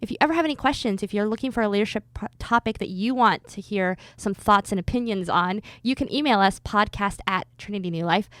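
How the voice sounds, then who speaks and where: Female podcast host, upbeat and bubbly, mid pitch, dry close sound. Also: fast, hardly any pauses, a bit bright, no room sound. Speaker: podcast host, church executive director. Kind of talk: podcast intro and banter.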